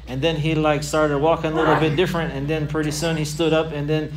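A man's voice: a little high, quick pace, distant mic, noisy background. A man teaching a religious lesson to children, asking questions, repeating key phrases and stacking lists. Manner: asks and repeats questions, animated, builds lists. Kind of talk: Islamic lesson for kids with questions.

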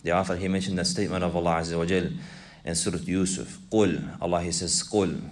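A man's voice: sits low, fairly even intonation, fast talker. A man teaching an Islamic text to a class, reciting Arabic, repeating points and putting questions to his students. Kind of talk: classroom lesson explaining a text.

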